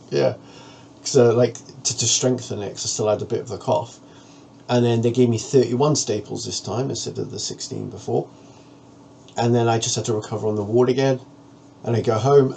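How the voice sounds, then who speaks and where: A man's voice: medium pitch, vocal fry, mellow, a little hiss or hum. A man vlogging, talking frankly and earnestly to the camera about a personal ordeal in a plain-spoken way. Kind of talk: candid personal monologue to camera.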